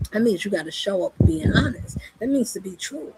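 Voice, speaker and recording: A woman preaching a spiritual monologue, impassioned and full of rhetorical questions, over loud background noise. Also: mid-range voice, animated, fairly quick, over loud music, low-quality recording. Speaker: spiritual speaker.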